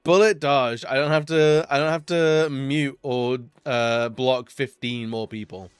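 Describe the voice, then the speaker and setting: A man's voice: medium pitch, flat delivery, measured pace, smooth, no echo. A man chatting casually during a live stream, rambling and laughing often between remarks. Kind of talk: casual live-stream chat while gaming.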